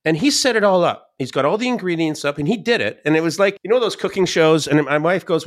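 A man, a podcast guest, telling stories in a casual, animated way, with many restarts. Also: on the high side, quick pace, hardly any pauses. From Scottish and English family. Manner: animated, quotes people in raised voices, many restarts. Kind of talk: casual storytelling.

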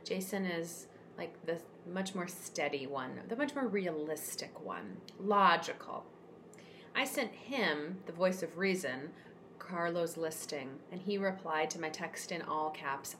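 Woman guest, slightly low voice, emotional storyteller, faint background hum. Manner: emotional, expressive, lots of fillers. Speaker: podcast guest, cat rescuer. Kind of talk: conversational storytelling.

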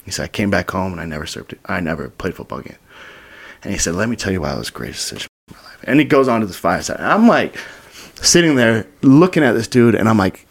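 A young man in his twenties from Utah, telling his story as a podcast guest, acting out quotes with whispers and sudden high bursts. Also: animated, quick pace, vocal fry. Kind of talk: storytelling in casual interview.

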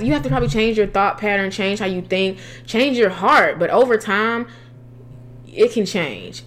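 An earnest young woman talks about faith in a loose, conversational way. She often restarts her sentences and drops into casual slang as she builds her point. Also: medium pitch.

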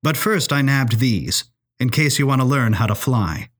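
A man voicing a steely, defiant young girl who speaks firmly and evenly, with a husky voice. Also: mid-range voice, normal speed, lightly acted. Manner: firm, even delivery.

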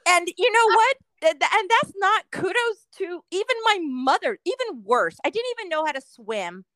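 Brief: high, bright female podcast co-host, dry close mic, wry swear-heavy storyteller. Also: sing-song, moderate pace, no echo. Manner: profane, wry, rambling anecdotes. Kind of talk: casual storytelling chat.

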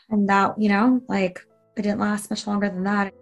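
A woman speaks earnestly as she recounts an emotional personal story to an interviewer. Her pitch sits in the middle range, and her delivery is conversational, full of fillers and small restarts. Soft music plays faintly underneath her voice. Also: little pitch movement, measured pace.

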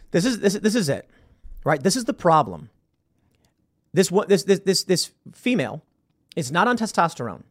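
A man hosting a podcast, giving emphatic, argumentative opinion commentary and restarting his words as he goes. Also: sits high. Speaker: podcast host.

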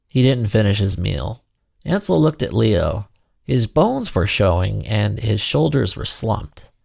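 Gravelly man narrating a storybook. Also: medium pitch, a little mellow, no room sound, studio quality.

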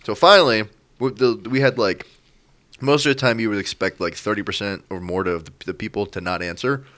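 A young man telling a work story in casual chat, animated, laughing often and acting out his coworkers. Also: fairly low pitch, fairly quick.

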